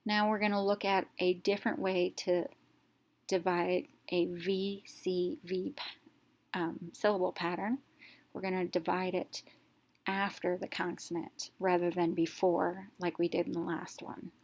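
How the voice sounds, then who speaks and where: A woman with a fairly low voice teaching a phonics lesson. She walks through each step slowly and deliberately, sounding out letters one by one before blending them into a word. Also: flat delivery, darkish tone.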